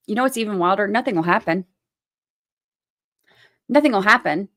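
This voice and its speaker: This is a woman hosting a livestream with heated, hard-edged commentary. She speaks bluntly and swears freely. She hammers her points home by saying them twice, in a voice of ordinary middle pitch. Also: lively intonation, measured pace, pauses often, bright, forceful tone. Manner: blunt, profane, repeats her points for emphasis. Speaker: channel host.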